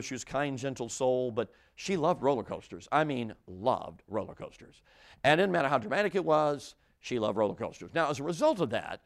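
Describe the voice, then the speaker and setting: At church, an older male preacher tells the congregation a funny personal story, his mid-range voice rising and falling expressively. He addresses them directly, throws out questions, and keeps restarting sentences and adding asides in an animated way.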